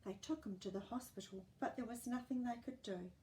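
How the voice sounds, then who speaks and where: A woman doing a hushed, gentle mother. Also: a little high, brisk, lightly acted. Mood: solemn. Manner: soft, hushed. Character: gentle serious mother breaking sad news. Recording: roomy, distant mic.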